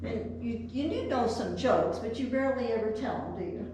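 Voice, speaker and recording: A woman puppeteer coaxes her puppet gently, with a lively, high-leaning voice. She is heard from a distance in a very echoey chapel, with faint noise behind. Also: fairly quick. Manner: gentle, coaxing, talks to the puppet. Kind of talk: children's puppet show.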